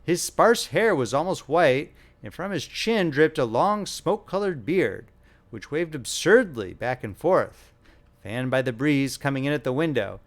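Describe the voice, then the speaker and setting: A male audiobook narrator reading a classic short story with lively, animated intonation. His voice sits fairly high for a man, and his delivery is expressive storytelling. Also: measured pace.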